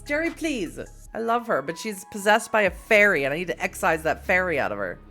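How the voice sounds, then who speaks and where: A woman's voice: on the low side, big pitch swings, fairly quick, a bit bright, faint music behind. Playful woman reading a game aloud. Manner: playful, laughing, joking, swearing. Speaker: streamer playing a text game. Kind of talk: reading aloud with casual commentary.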